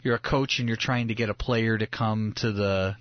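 A man's voice: fairly low pitch, fairly even intonation, normal speed, no echo, lo-fi sound. A young man, a pastor and co-host, telling a story in casual studio chat with many restarts and laughs. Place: radio studio.

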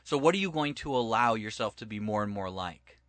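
Bright, emphatic preaching man. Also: fairly low pitch, fairly quick, dry recording. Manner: emphatic, retells scripture and stories with lively voiced quotes. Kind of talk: preaching-style Bible teaching in conversation.

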